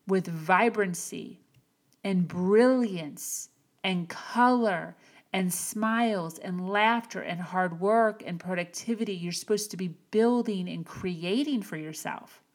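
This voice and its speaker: A woman hosting a podcast, giving an earnest, encouraging motivational talk with slow, emphatic phrasing. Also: medium pitch. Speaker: podcast host. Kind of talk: motivational monologue.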